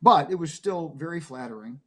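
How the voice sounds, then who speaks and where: In a fairly high, bright voice with lively intonation, the percussion professor speaks at a moderate pace while being interviewed. His long personal anecdotes wander conversationally, packed with fillers and quotes he performs aloud.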